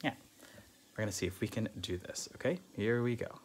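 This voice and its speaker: A man's voice: fairly low pitch, a little fast, slight background noise. A man teaching an online music lesson to children, upbeat and chanting rhythm syllables aloud.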